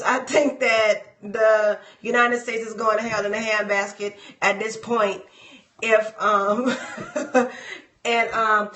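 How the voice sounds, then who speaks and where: On a live stream, a woman chats casually with her viewers, rambling loosely as she addresses them. Her voice is a little high, and the room sounds echoey. She slips into dramatic mock wailing, shouting and fake crying.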